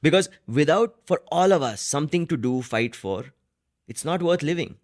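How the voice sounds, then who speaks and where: A man's voice: fairly high pitch, lively intonation, normal speed. A man hosting a solo podcast, talking through his thoughts in a reflective, rambling way, often restarting sentences and tagging them with "right?". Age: adult with a wife and a job in an office. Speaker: podcast host.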